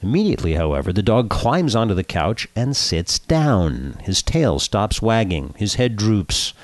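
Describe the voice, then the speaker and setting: A man's voice: lowish voice, sing-song, unhurried, no room sound. A man hosting a radio talk show, chatting with a guest and reading jokes and a Torah reflection.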